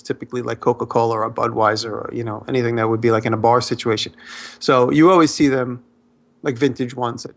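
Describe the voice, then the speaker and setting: Mid-pitch guy rambling thru a story on a podcast, gets excited and jumps way up. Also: gravelly. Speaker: podcast co-host. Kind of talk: casual chat.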